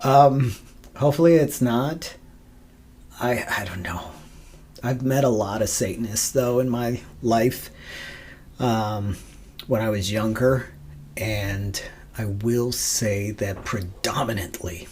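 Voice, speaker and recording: Man, podcast host, solo casual monologue, slow pace, rambling, profane, laughs a lot. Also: mid-range voice, a little mellow, a little hiss or hum. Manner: rambling, profane, laughs often, many fillers.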